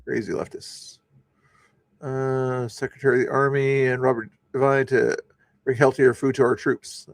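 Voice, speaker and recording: A man's voice: medium pitch, little pitch movement, normal speed, dry recording. Man, stream host, casual news commentary, rambling, fillers, dry close sound. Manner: rambling, lots of fillers and restarts.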